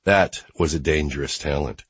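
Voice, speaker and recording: A man narrating a first-person novel as an audiobook, in a wry, low-key manner. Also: normal speed, slightly rough, no echo.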